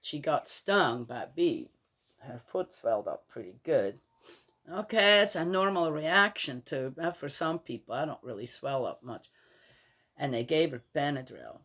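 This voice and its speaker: Speaking in a deep bass voice with a fairly bright tone, this older grandmother holds forth in an animated, slightly slow monologue. Her storytelling wanders, full of opinions and exasperation, with restarts and laughter.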